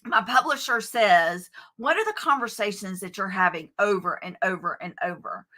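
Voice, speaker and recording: Bright-voiced Southern woman author. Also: mid-range voice, moderate pace. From United States. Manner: lively, animated storytelling with self-corrections. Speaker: author and guest. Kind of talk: conversational interview.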